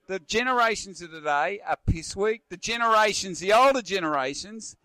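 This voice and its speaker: A man's voice: high voice, normal speed, few pauses, no room sound. An Australian man in his fifties, a guest giving blunt, rambling rants in pub chat and calling everyone mate. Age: 50s. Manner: forceful ranting, rambling, repeats words, calls everyone mate.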